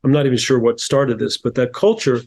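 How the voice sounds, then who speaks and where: A middle-aged man from New Jersey, an author and coach, guests on a podcast and tells stories in a casual interview. His medium-pitched voice is brisk, a little mellow, and lively in intonation; he's thoughtful, with frequent restarts and repeated words.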